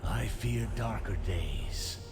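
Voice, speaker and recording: An actor playing a weary, solemn male knight-lord who speaks gravely and slowly. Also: fairly low pitch, expressive. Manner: grave, measured, burdened. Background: game music.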